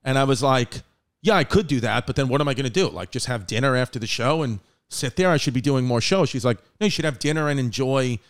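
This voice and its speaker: With a mid-range voice, quick pace, and lively intonation, a man in his thirties hosts a podcast. He's a laughing storyteller whose loose chat is heavy on profanity.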